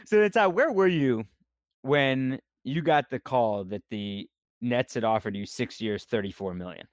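A man's voice: medium pitch, measured pace, dry recording, studio quality. A man hosting a radio interview, asking short questions that prompt his guest.

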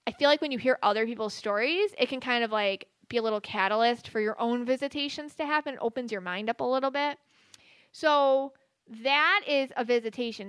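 Woman host, casual rambling monologue, full of fillers; bright pitch, dry close mic. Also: smooth, dry recording. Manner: chatty, many fillers and restarts. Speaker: podcast host and psychic medium.

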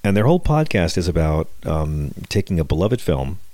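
Very deep-voiced sardonic male podcast host. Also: sing-song, moderate pace, warm tone, no room sound. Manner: sardonic, wisecracking, lots of restarts. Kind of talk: comedic political monologue.

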